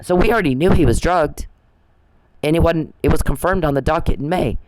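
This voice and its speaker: A man's voice: a little high, a little fast, darkish tone, poor audio. A man giving casual ranting commentary, profane and repetitive, often restarting his sentences. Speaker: commentator on a dispute.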